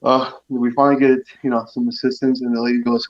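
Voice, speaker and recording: A man's voice: mid-range voice, flat delivery, fast. A man from San Diego chatting on a podcast, telling a rambling anecdote and putting on playful voices for the people he quotes. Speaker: podcast guest, events director. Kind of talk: casual chat, storytelling. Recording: dull lo-fi podcast audio.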